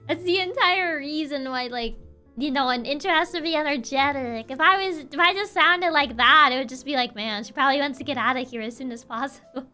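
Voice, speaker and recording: Young woman streamer, high soft-spoken voice, sassy n giggly, faint music behind. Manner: laughs often, sassy, playful. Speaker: VTuber streamer. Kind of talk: casual livestream chat, reading chat aloud.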